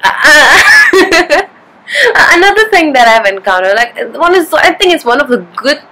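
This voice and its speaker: A woman from India's Kerala region chats to the camera in a casual, giggly way. Her voice sits a little on the high side. She tells her stories with lively energy. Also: a little slow, heavy background noise. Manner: chatty, giggly, animated storytelling. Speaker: vlogger.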